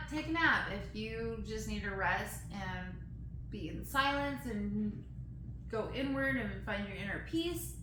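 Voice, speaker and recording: Slow, giggly woman reading poems aloud. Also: mid-range voice, pushed and bright, a little hiss or hum. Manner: giggly, self-deprecating, stumbles over hard words. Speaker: poetry reader. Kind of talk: casual poem reading with chatty asides. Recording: very echoey room.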